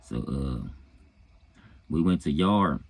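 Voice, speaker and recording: A man's voice: extremely low pitch, lively intonation, takes it slowly, creaky, no room sound. A man casually recounting a story in a laid-back, profane way, often chuckling and saying "you know what I'm saying". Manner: chuckles between phrases. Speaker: storyteller recounting his own past.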